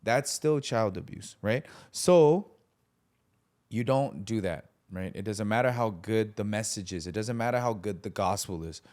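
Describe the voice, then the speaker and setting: Male guest, lowish voice, casual faith talk, animated storyteller who does quick voices. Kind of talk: casual conversation.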